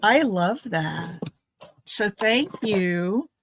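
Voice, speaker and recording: In a chatty unboxing for her craft video, a woman rambles and thinks aloud while opening gifts at home. Her medium-pitched voice is expressive, creaky and very slow. The recording is low quality.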